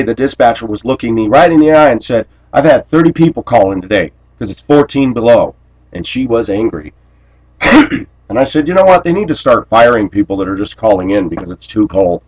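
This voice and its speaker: A man with a somewhat low voice talks straight to his viewers in a long, rambling monologue. He sounds blunt and aggrieved and keeps stopping to clear his throat. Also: darkish tone, poor audio. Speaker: vlogger.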